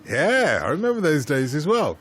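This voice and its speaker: A man's voice: fairly high pitch, huge pitch swings, moderate pace, a bit bright, husky. A man hosting a radio football phone-in, reading out listener emails and coaxing his pundits with teasing banter.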